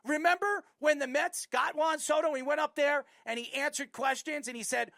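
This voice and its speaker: A woman with a New York accent hosting a sports talk show, ranting bluntly about a player with loud bursts. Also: high-pitched, moderate pace, creaky, few pauses, no echo, studio quality. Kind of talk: opinionated sports commentary.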